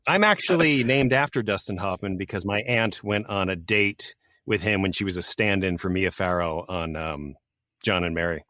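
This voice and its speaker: A man co-hosting a podcast, reacting with enthusiasm and telling a quick personal story. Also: low-pitched, bright, forceful tone, no echo, clean studio sound. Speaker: podcast co-host. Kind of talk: casual interview chat.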